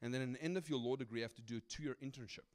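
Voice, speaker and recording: A middle-aged man from Africa, preaching a sermon as a guest speaker, telling personal stories in an animated, conversational way and often asking "right?". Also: mid-range voice, rapid-fire. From South Africa.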